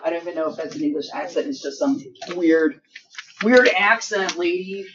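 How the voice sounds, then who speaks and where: A woman with a lowish voice teaches a high school math class at normal speed. She keeps things chatty and joking, poking fun at herself and regularly checking in with "okay?" and "right?". The sound is dull and far off, recorded in a classroom with slight noise.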